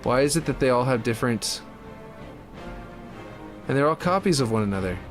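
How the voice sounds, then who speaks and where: A man's voice: mid-range voice, lively intonation, moderate pace, faint music behind. A man chatting casually and thinking aloud while he builds a game map, muttering when puzzled. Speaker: map builder streaming his work.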